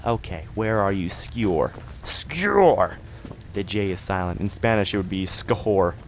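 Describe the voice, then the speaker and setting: A young man commentating his gameplay in a goofy, excitable way, swearing freely and chatting to viewers. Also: low voice, fairly quick, a little hiss or hum. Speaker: let's play host.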